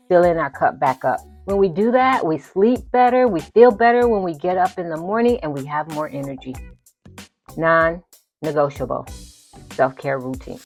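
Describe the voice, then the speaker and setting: A woman with a lower-than-usual voice hosts a motivational podcast, speaking in an emphatic, preacherly way and repeating phrases for effect. Faint music plays quietly behind her. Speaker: podcast host.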